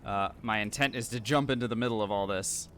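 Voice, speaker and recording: A man's voice: on the low side, fast talker, a bit bright. A man streaming a video game live, talking through his moves and thanking viewers in a chatty, rambling way. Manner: chatty, thanks viewers, frequent fillers and restarts. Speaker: streamer playing a challenge run. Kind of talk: live gameplay commentary.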